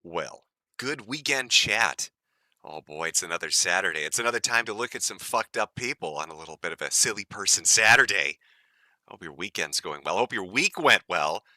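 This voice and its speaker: A man's voice: deep voice, big pitch swings, moderate pace, bright, forceful tone, dry recording, studio quality. A man from the United States hosting a live stream, ranting in a profane, mocking and gleeful way. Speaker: stream host.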